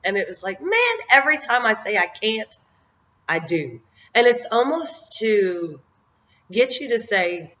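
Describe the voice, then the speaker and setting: A woman's voice: mid-range voice, very animated, unhurried, fairly bright tone. Middle-aged woman, everyday mid-range voice, encouraging vlog talk, meandering and self-amused, lo-fi recording. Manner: reflective, meandering, often laughing at herself. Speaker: vlogger giving life encouragement. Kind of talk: motivational talk to camera. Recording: dull lo-fi audio.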